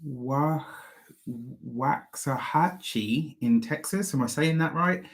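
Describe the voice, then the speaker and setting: A man's voice: a little high, a little slow. Guy greeting his live viewers one by one, effusive and chatty, talking into a little clip mic. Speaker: astrologer and tarot reader. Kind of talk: live stream chat with viewers. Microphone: small clip-on microphone.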